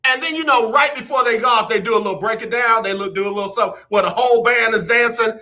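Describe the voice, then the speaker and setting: A man's voice: very high-pitched, quick pace, bright, forceful tone. A man hosting a radio show, talking emphatically and dropping into mock quotes of other people. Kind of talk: animated radio talk monologue.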